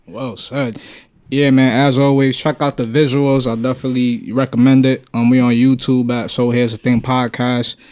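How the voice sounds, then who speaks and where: A man co-hosting a casual podcast, speaking in a low-key, halting way. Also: level tone, a little mellow. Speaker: podcast co-host.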